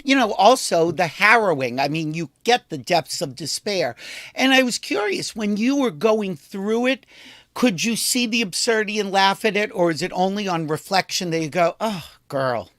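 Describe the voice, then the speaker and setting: A playful male talk show host with a lively, sing-song pitch, asking curious questions. The recording is dry, with no room sound. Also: dry recording. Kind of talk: casual interview.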